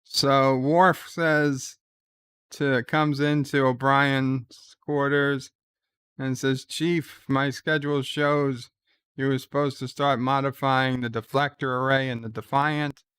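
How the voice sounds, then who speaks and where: A man's voice: medium pitch, little pitch movement, slow pace, a bit bright, clean tone, dry recording. A man hosting a live reaction stream, retelling the scenes and reading out chat messages. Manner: retells scenes, quoting lines in a plain voice; reads out viewer chat messages. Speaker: host.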